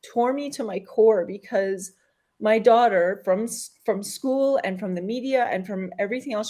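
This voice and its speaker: Earnest woman telling a story. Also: a little high. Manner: earnest, laughs often while telling a story. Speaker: talk show guest. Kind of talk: casual chat.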